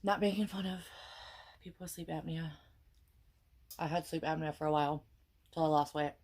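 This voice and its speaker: Her voice sits low with a darkish tone, fairly even intonation and a normal speed as this young Wisconsin woman cooks and chats for her vlog. She's tired and pregnant, rambles along tangents, and swears occasionally.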